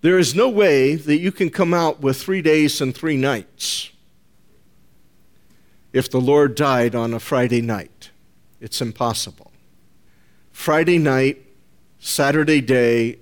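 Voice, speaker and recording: Speaking in a mid-range voice, a preacher delivers a sermon to his congregation with deliberate emphasis, calling them "folks" and returning to key phrases again and again.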